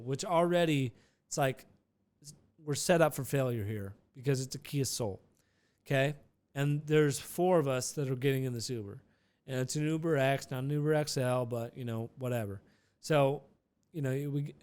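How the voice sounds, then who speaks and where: A young man hosting a podcast, telling a rambling, animated story with restarts and swearing. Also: mid-range voice, smooth. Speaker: podcast host. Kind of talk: casual storytelling.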